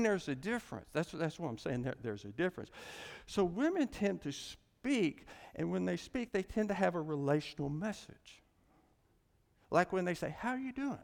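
A man teaching a class in a loose, rambling style, laughing at his own asides. His voice is gravelly and lively, rising and falling a lot. The sound carries a long hall reverb. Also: a little high. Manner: rambling, chuckling, folksy asides.

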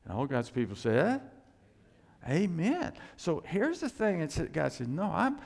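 A man's voice: a little high, wildly swooping pitch, normal speed, creaky, darkish tone, big-room sound. A male pastor preaching a conversational sermon, with plenty of fillers and key words repeated for emphasis.

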